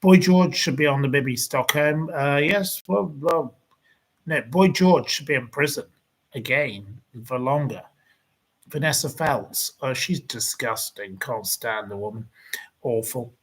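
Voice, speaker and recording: A man's voice: medium pitch, measured pace, low-quality recording. A man hosting a livestream, ranting indignantly and rambling as he answers viewer comments. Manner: indignant, rambling, repeats insults.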